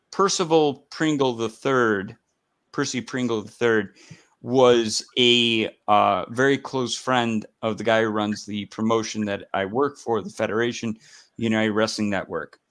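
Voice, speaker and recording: A man hosting a casual wrestling chat, rambling and animated with quick asides. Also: mid-range voice. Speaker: podcast host.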